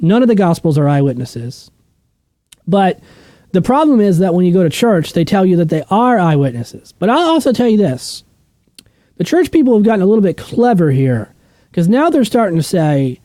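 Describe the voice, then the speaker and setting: A man leading a relaxed Bible study, blunt and opinionated, who keeps asking questions and then answering them. His voice sits fairly high and swings widely in pitch, with a mellow, dark tone. The sound is dry, with no room echo. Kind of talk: casual unscripted teaching.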